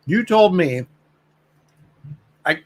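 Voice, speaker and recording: A man's voice: high-pitched, lively intonation, drawn-out words. A middle-aged man hosting a casual livestream, joking and wry. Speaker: host.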